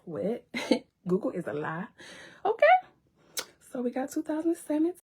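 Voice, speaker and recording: High, lively, husky-voiced woman. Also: normal speed. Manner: showing documents to viewers, teasing, sometimes whispering. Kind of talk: casual live stream commentary.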